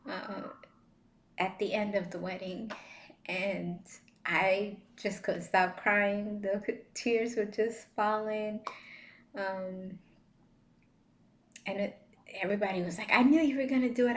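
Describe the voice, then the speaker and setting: Woman vlogger, slow and gentle faith talk, soft laughs and fillers, roomy echo. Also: mid-range voice, slight background noise. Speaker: vlogger sharing faith reflections. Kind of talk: casual devotional talk.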